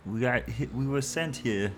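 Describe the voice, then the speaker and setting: A man's voice: mid-range voice, moderate pace. A man playing a tabletop role-playing game, asking plain questions. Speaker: player.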